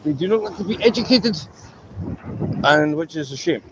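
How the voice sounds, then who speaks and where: A man's voice: fairly high pitch, animated, normal speed, very noisy. A man with a Scottish accent chatting casually on a livestream, greeting viewers and ranting emphatically in an opinionated way. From Scotland.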